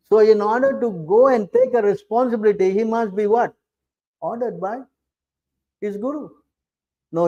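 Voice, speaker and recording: A middle-aged man preaches a scripture class, pressing his listeners with pointed rhetorical questions. His voice sits a little high but sounds warm and mellow. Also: muffled recording. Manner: challenging, asks rhetorical questions often. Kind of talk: sermon.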